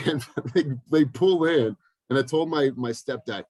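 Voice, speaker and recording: A man's voice: medium pitch, a little slow, dry recording, low-quality recording. A man in his thirties coaches a group over a video call, telling his stories with energy and acting out the people in them. His voice sits in a middle range and sounds dry and close, with no room around it. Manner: energetic storytelling with lively acted-out quotes. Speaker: business coach.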